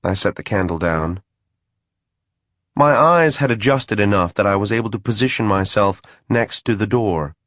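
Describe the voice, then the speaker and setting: A man's voice: lowish voice, lively intonation, moderate pace, a bit bright, dry recording. A man reading a first-person fantasy audiobook in a dry, wry manner. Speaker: audiobook narrator.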